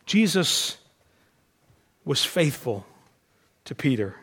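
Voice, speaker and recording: High-voiced animated male preacher. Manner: animated, acts out the disciples' voices; drops to a hushed, slow voice for emphasis. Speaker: pastor. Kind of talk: sermon.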